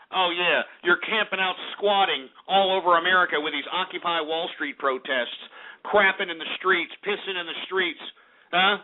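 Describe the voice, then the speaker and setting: A man's voice: sits high, normal speed. A man hosting a talk radio show, ranting angrily and cursing at his targets. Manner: profane, furious, shouting insults. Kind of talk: angry talk radio rant. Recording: tinny phone-like radio broadcast.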